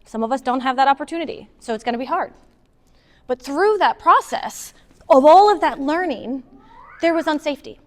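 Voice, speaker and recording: A woman giving a casual, animated talk to a moms' group, taking audience questions and acting out what partners say. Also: high voice, moderate pace. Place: meeting hall with an audience. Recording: long hall reverb.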